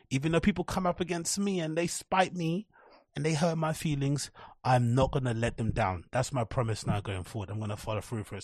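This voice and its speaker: Alone at the mic, a young podcaster rambles through casual, profane tales and gives animated voices to the people he quotes. His voice is mid-range, with studio-quality sound and no room tone at all.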